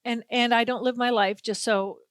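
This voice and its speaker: A woman with a fairly high voice hosts a sports talk show, chatting casually. She tells stories with animated quotes from the people involved. The sound is close and dry. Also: normal speed, no room sound. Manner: animated storyteller, acts out quotes. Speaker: sports radio host. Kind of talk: casual chat.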